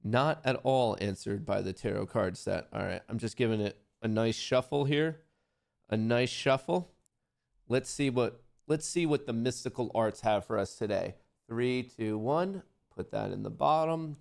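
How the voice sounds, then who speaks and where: A man's voice: mid-range voice, a little slow, gravelly, darkish tone. A man hosting a live trading stream, chatting casually to viewers and muttering anxious repeated questions to himself, sometimes dropping to a near whisper. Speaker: livestream host trading stocks.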